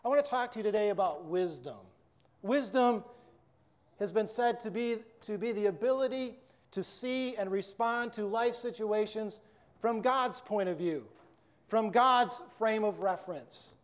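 A preacher telling a story and then giving a sermon in an earnest, measured way. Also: male voice, high voice.

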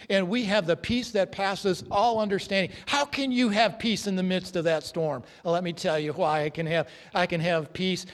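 High-voiced preacher in a reverberant hall. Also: male voice. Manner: earnest, emphatic preaching with dramatic drops to a hush. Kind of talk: sermon. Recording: long reverb of a large hall.

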